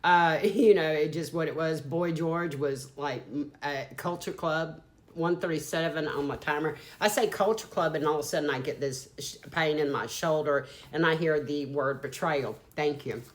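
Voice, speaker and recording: This channeled tarot reading comes from a Southern-accented psychic in her fifties, originally from the Deep South. She speaks in a low voice at a moderate pace, rambling along candidly and occasionally cursing.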